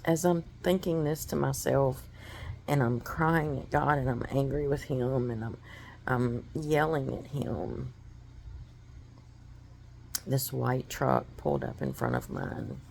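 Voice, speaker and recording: A woman's voice: rumbling low, slow pace, gravelly, long pauses, a little mellow, a little hiss or hum. A woman giving a personal testimony, telling her story in an earnest, emotional way.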